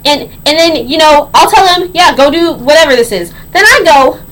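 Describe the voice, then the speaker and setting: An eighteen-year-old woman telling a story on her vlog in a sassy, slangy, animated way. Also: high voice, moderate pace, poor audio. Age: young adult. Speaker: vlogger.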